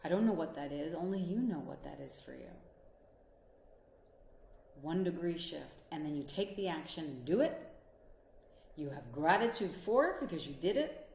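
A woman's voice: deep voice, very animated, moderate pace, creaky, pauses often, darkish tone, echoey room, a little hiss or hum. A woman who works as a life coach and couples therapist, giving a motivational talk and speaking straight to the listener in an earnest, encouraging way. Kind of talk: motivational monologue.

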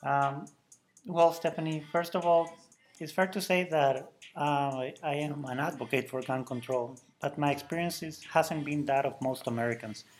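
A man's voice: on the high side, steady tone, moderate pace, slight background noise. Earnest Mexican-accented man in his thirties. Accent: Mexican Spanish. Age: 30s. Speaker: guest.

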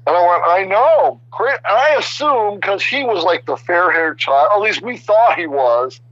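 A man in his sixties, a guest artist, telling casual stories in an animated, rambling way with many restarts. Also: sits high, normal speed, no room sound, lo-fi sound. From Chicago area. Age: 60s. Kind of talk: casual storytelling interview.

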